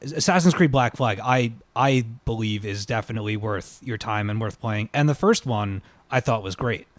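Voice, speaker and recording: A man chatting casually about video games, an animated storyteller who bursts into loud pirate cries. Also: lowish voice, normal speed, no room sound.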